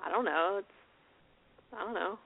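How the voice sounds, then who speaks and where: A woman's voice: mid-range voice, moderate pace, vocal fry. A woman co-hosting a motorcycle radio show, chatting casually and laughing often. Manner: giggly and chatty. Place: Sarasota. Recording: phone-like narrow band, dry.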